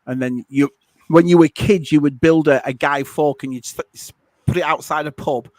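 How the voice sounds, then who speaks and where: A man from northern England with a Lancashire accent, telling lively stories in casual chat on a video call stream. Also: a little high, normal speed, no echo. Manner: lively storytelling with laughs. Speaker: stream host.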